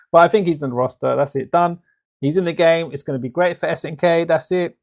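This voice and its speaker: A man with a slightly high voice and vocal fry talks briskly on a live stream. His casual reaction commentary on a game trailer turns into a rambling rant, full of restarts and fillers.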